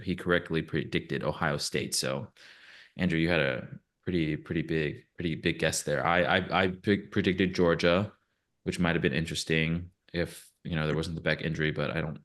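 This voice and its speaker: A man co-hosting a casual sports podcast, relaxed and hesitant with frequent fillers. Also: deep voice. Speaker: podcast co-host.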